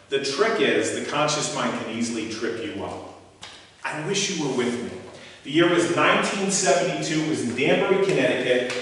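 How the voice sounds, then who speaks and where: Older guy in his 60s doing a lively motivational talk to a crowd, far from the mic, super echoey hall. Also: medium pitch, a little hiss or hum. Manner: animated storyteller, asks audience questions. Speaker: motivational speaker. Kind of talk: live talk with audience.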